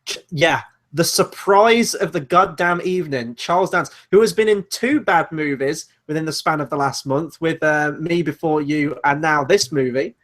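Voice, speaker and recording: A man with a fairly high voice co-hosting a film review podcast. He talks casually and at length, rambling from point to point. His tone is animated and sarcastic. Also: moderate pace. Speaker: podcast co-host.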